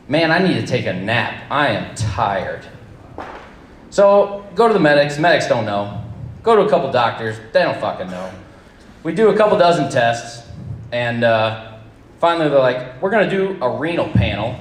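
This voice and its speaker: A man telling a personal story live to an audience, with wry, deadpan humor and casual swearing. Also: mid-range voice, echoey room. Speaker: storyteller at a campfire event.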